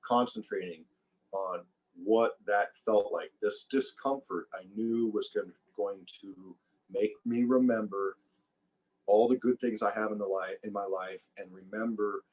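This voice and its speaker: A man speaking as a podcast guest, talking in a relaxed, reflective way and often repeating words while he gathers his thoughts. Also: lowish voice, unhurried, poor audio. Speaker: podcast guest, former survival show contestant. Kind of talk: casual conversational interview.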